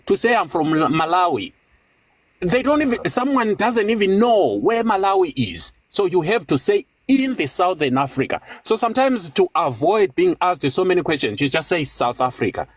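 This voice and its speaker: Man debater from Zimbabwe, husky and animated, talks over others, dry close sound. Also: sits high, dry recording. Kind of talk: heated debate.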